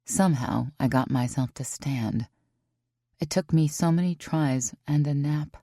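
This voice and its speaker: Brief: woman audiobook narrator, low and husky, dry close mic. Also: unhurried, warm tone, dry recording. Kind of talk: scripted first-person romance narration.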